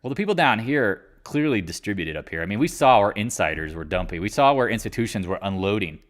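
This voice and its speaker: A man's voice: lowish voice, animated, fast. A man in his forties from North Carolina hosting a casual live market chat, blunt and swearing, often trailing off and restarting. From Raleigh, North Carolina.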